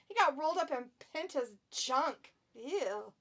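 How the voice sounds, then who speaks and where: A woman hosting a live watch-along in casual, chatty commentary. Her voice sits high and bright with a sharp edge. She giggles often and reads chat aloud. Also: animated, a little slow, hardly any pauses. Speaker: stream host.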